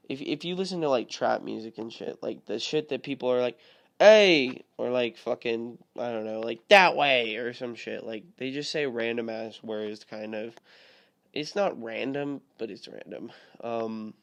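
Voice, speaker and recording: Rambling, profane young man podcasting. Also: medium pitch. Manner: rambling, profane, heavy filler words. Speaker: podcast host. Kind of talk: casual solo podcast rant.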